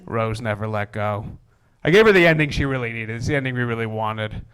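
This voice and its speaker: Young man doing a deadpan stand-up set. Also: medium pitch, fairly quick. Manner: deadpan, wry asides, rising into exasperated rants. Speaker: stand-up comedian. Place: comedy stage before a live audience.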